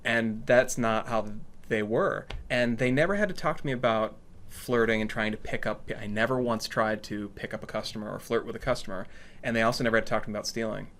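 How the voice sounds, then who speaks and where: Brief: male co-host, somewhat low pitch, easygoing conversational delivery. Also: a little fast, a bit bright. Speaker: podcast co-host. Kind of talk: casual chat.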